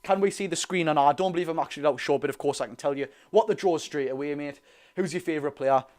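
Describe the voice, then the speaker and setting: A man's voice: on the high side, quick pace, darkish tone. A man with a Geordie accent hosting a casual live stream, reading out viewer questions and answering them chattily, often calling listeners "mate". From North East England. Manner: calls listeners "mate" and "lads". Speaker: livestream host. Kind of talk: casual live watch-along chat.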